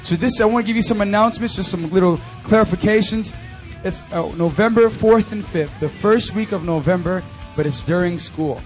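A young man in his twenties giving an animated, chatty testimony and announcements to a youth group at a church service. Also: high-pitched, fairly quick, soft background music. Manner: animated and conversational, full of fillers. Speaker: youth ministry speaker.

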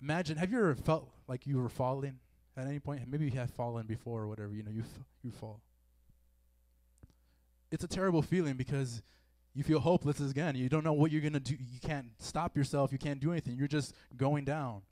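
A warm-toned man of medium pitch talks fairly quickly, with no echo, as he gives a laid-back sermon to young listeners in a meeting room with a live audience. He is a youth preacher whose chatty style is full of fillers and acted-out quoted feelings.

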